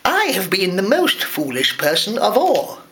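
A man reading aloud, voicing a vain and foolish emperor with eager, high theatrical squeals. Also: wildly swooping pitch, measured pace, pushed and bright, exaggerated voice. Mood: eager, flustered.

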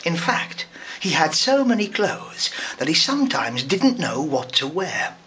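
A man, a parent, reading a fairy tale aloud to a school class in a lively, expressive way. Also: on the high side, measured pace, slight background noise. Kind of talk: storybook read-aloud.

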